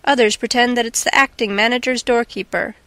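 A woman's voice: fairly high pitch, steady tone, fairly quick, bright, forceful tone, dry recording. A woman voicing a dry, stubborn male head stableman in a plain, matter-of-fact tone.

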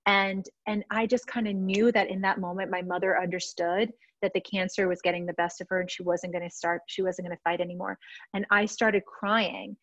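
A middle-aged woman from a Russian-speaking family talks frankly to a group about emotions and self-care. She often restarts her sentences as she speaks. Her voice sits at a middle pitch and sounds close and dry, with dull, lo-fi audio. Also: little pitch movement, a little fast, fairly bright tone, dry recording. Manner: candid, emotional, frequent restarts. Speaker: positive psychology teacher. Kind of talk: personal teaching talk to a group.

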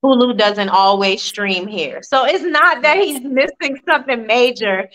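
Woman in her forties, from Virginia, podcast guest, bright tone, lively family anecdotes. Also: on the high side, a little slow, poor audio. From Virginia, USA. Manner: animated, warm storytelling with laughs. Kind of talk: casual interview storytelling.

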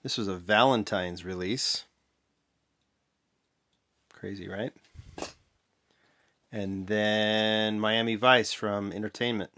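A man with a somewhat low voice talks his way through a casual show-and-tell vlog. His delivery is offhand and a little mumbled, with quick self-corrections along the way. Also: fairly even intonation, sharp tone. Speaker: vlog host, toy car collector.

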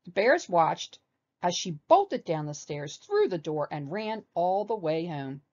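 A woman reading a children's storybook aloud with animated expression. Her voice is low, with lively rises and falls. The recording sounds dull and lo-fi. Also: measured pace.

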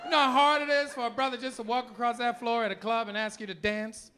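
A man performing a loud, animated, profane stand-up comedy routine on a comedy club stage. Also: extremely high pitch, quick pace. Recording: live club audio with crowd laughter.

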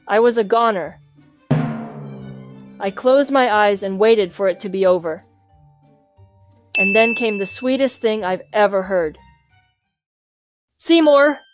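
A woman reading a children's storybook aloud in an even, clear storytelling manner, voicing the hamster who narrates his own adventure. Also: fairly high pitch. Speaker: storybook reader. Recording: soft music behind the voice.

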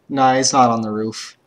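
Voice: mid-range voice, steady tone, slow, a bit bright. A young adult chatting casually during an online game, playful and giggly. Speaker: gamer. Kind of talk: casual gaming chat.

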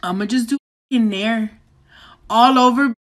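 A man's voice: extremely high pitch, normal speed, a bit bright. A man playing a brash, crude young woman from California who swears, laughs and drawls slang in a comedy sketch.

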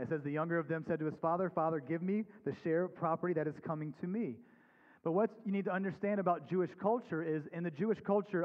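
A man preaching a sermon as pastor, reading scripture aloud and then explaining it in an earnest, conversational way. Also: fairly high pitch. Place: church sanctuary. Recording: dull recording with long hall reverb.

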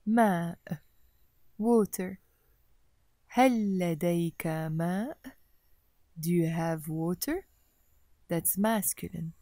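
A woman giving a recorded Arabic language lesson, speaking deliberately and repeating each word for the learner. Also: on the low side, warm tone, dry recording. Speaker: Arabic teacher.

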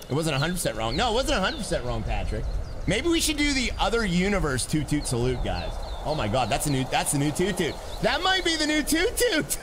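A man streaming a game live, chatting excitedly with his viewers and laughing often. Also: on the high side, noisy background. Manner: excitable, laughing, talks to chat. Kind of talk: live gaming stream chat.

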